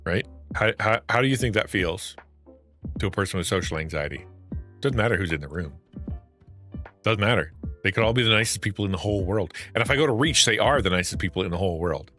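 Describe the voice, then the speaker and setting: A man's voice: low-pitched, fairly quick, soft background music. A middle-aged man streaming, talking casually and acting out anxious thoughts with frequent laughs. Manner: animated, acts out anxious inner thoughts, laughs often. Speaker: streamer and Christian content creator. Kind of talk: casual livestream talk.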